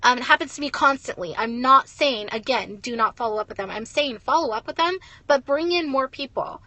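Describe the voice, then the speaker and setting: High bright-voiced ranting young woman. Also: expressive, brisk, dry recording. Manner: blunt, ranting, swears and says "like" a lot. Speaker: network marketing leader. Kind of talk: motivational talk to camera.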